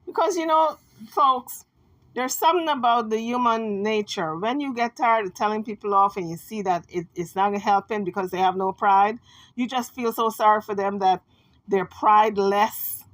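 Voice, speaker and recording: A woman's voice: mid-range voice, normal speed, no echo, rough recording. A woman giving a casual commentary monologue, chatty and emphatic, talking straight to her viewers with playful mocking asides. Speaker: online gossip commentator.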